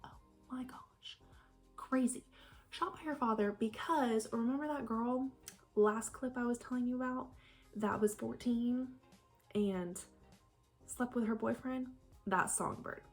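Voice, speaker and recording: A woman's voice: fairly high pitch, a little slow, pauses often, soft background music. A woman chatting casually about a book she is reading, rambling with lots of fillers. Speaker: book vlogger. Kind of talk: casual book review chat.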